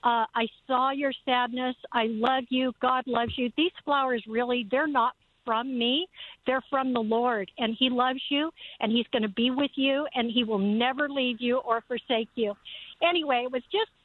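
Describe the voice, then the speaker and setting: A woman's voice: a little high, moderate pace. A woman in her seventies calling in to a radio show, telling an earnest story. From Southern California. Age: 70s. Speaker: caller. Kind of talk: phone-in testimony. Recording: tinny phone line, dry.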